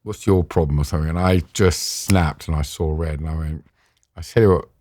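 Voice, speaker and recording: A middle-aged man with a London accent, a podcast guest recounting a story intensely, with halting restarts and voiced quotes. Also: extremely low pitch, dark tone. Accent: London English. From England. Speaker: interview guest. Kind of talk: emotional storytelling in a podcast interview.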